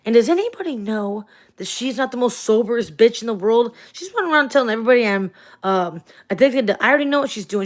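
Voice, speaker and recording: A woman's voice: fairly high pitch, lively intonation, fast talker. A woman ranting angrily and swearing on a late-night livestream, tired and venting, talking to a phone or webcam at home. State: tired, up at four in the morning.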